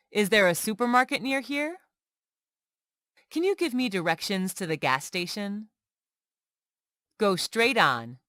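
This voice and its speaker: A woman reading everyday English example sentences one by one for learners, slow and clear. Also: medium pitch, no room sound, studio quality. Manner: slow, clear, lively intonation on questions. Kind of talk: slow scripted reading of phrases.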